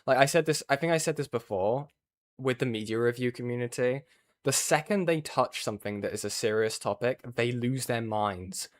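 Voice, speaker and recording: A man's voice: mid-range voice, moderate pace. A man hosting a livestream, chatting casually about online drama with lots of filler words. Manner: casual, chatty, says like a lot. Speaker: stream host.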